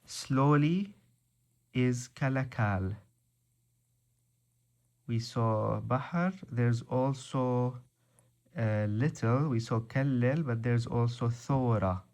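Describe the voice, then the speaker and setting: Guy teaching a language lesson, super slow, takes his time on every word. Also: mid-range voice, a little mellow. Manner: slow, deliberate, spells out word by word.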